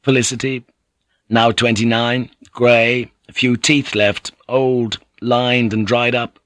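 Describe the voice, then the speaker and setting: Audiobook narrator: middle-aged man, mid pitch, dry close sound, rhythmic delivery. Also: flat delivery, fairly bright tone, no room sound. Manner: measured, rhythmic, dramatic reading. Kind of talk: scripted narration.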